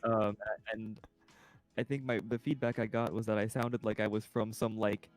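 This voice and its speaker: A man's voice: fairly low pitch, flat delivery, normal speed. A man chatting casually on a livestream and breaking into mock accents now and then. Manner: tries out mock accents between plain chat. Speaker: streamer. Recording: faint music behind.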